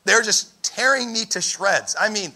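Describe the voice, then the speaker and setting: High bright-voiced young male preacher. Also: moderate pace. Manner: animated storytelling, raises his voice for emphasis. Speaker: pastor. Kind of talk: sermon.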